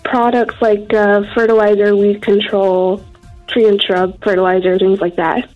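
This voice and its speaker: A woman's voice: medium pitch, level tone, a little slow, faint music behind. A woman in her twenties calling in to a radio show, giving short polite answers. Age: 20s. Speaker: caller. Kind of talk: phone-in call. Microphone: phone line. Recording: dull phone-line audio.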